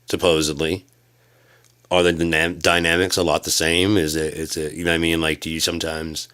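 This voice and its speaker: Deep-voiced man ranting casually. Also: flat delivery, smooth. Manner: profane, loud bursts of high-pitched exclamation; halting, many restarts and fillers. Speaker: vlogger. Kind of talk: rambling casual rant.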